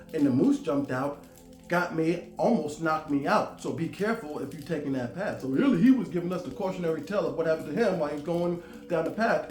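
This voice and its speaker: Animated man in his forties, echoey room. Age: 40s. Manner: animated, drawn-out emphatic delivery with sudden loud high bursts. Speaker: vlogger. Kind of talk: casual storytelling monologue. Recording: roomy echo with faint music.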